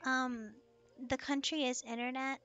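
A woman's voice: sits high, fairly even intonation, unhurried, fairly bright tone, faint music behind. A woman from the United States hosting a casual gaming stream, giggling often and teasing playfully. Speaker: streamer host.

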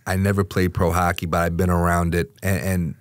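A man's voice: deep voice, flat delivery, fairly quick, dry recording, studio quality. A man hosting a podcast who chats animatedly, often repeating words and restarting his sentences. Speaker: podcast host. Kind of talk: casual interview chat.

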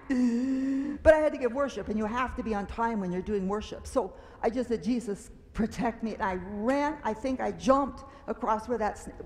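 A woman telling a children's story at a church service, animated and dramatic, acting out fearful cries and screams. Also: a little high, in a large hall. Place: large meeting hall.

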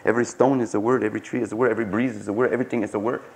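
A man's voice: steady tone, rapid-fire, creaky, a little hiss or hum. Impassioned man telling stories to an audience. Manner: impassioned, swings from low murmurs to high cries. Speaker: conference speaker. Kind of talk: storytelling talk to an audience. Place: conference room before a live audience. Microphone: 1990s archival live talk recording.

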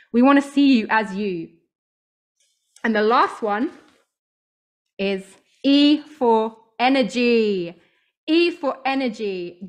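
A young woman leads a motivational talk in a slightly high voice. She sounds upbeat and emphatic and drives each point home by repeating its key word. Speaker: voice coach. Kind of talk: motivational talk to a live audience.

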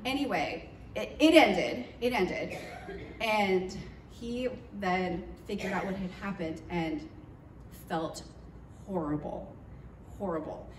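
A woman telling a church congregation about a trip in a lively, chatty way, with plenty of fillers and acted-out quotes. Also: mid-range voice, slow, a little hiss or hum. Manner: animated, chatty, lots of fillers, acts out quotes. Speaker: mission trip leader speaking to church. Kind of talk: storytelling trip recap. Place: church hall. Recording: roomy echoey hall, mic far off.

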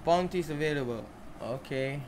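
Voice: mid-range voice, moderate pace, background noise. Gamer talking thru gameplay, chatty, talks to the characters, game sound faint in the back. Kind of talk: casual gameplay commentary.

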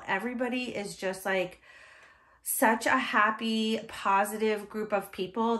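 A woman's voice: mid-range voice, fairly bright tone. A woman hosting an unboxing vlog, gushing with gasps and effusive thanks, teary-eyed and emotional. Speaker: reborn doll artist and channel host.

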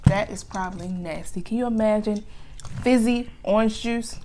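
A young American woman with a medium-pitched voice reads snack packages aloud and teases her partner in an easygoing taste-test. Steady crinkling and clear background noise sit under her voice. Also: normal speed. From United States. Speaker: co-host of snack review channel. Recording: wrapper crinkling noise throughout.

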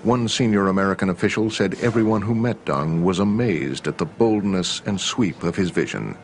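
A man giving scripted documentary narration in a measured, grave manner. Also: low voice, animated, slight background noise.

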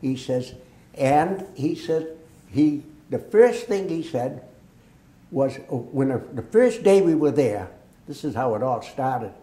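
A slow-speaking older veteran with a mid-range voice, from Massachusetts, tells his war stories in an oral history interview. He's a lively storyteller who performs the dialogue he recounts, and the room has an echo.

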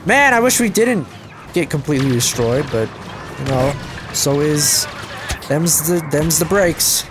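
Animated young man commenting on gameplay. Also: a little slow, background noise. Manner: animated, self-mocking, yelps high when losing. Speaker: gaming channel host. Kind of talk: casual game commentary. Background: game music and gunfire.

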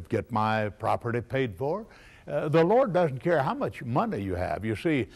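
A middle-aged man preaching a sermon, emphatic and animated, often pausing on "uh" between phrases. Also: medium pitch, gravelly.

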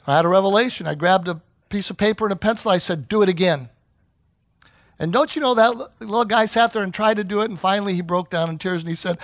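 A man's voice: high-pitched, fast, no echo. A middle-aged man preaching a sermon as pastor, telling stories and acting out the voices he quotes. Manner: animated storyteller who acts out quoted voices.

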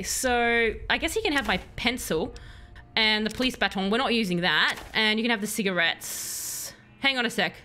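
This woman's Australian accent sometimes takes on a British tinge as she chats casually with viewers and giggles while gaming on stream. Her voice is a little high, bright and forceful.

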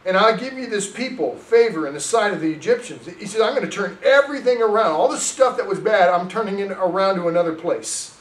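Male pastor, sermon delivery, animated storyteller, roomy church sound. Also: sits high, fairly quick, few pauses, far from the mic. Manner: animated storytelling, reads scripture aloud. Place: church sanctuary.

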